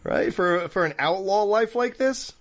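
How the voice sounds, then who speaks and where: A man co-hosting a casual movie review podcast, animated, laughing often and acting out lines. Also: high-pitched, a little slow, noisy background. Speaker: podcast co-host.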